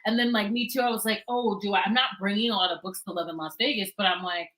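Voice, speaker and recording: A woman chatting casually on a livestream, animated and quick to laugh, often trailing off and restarting. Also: medium pitch, rough recording. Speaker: book blogger and guest co-host.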